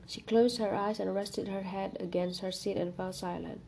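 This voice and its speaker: A woman reading a short story aloud in a calm, measured narration. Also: mid-range voice, gravelly, slightly rough. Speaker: reader.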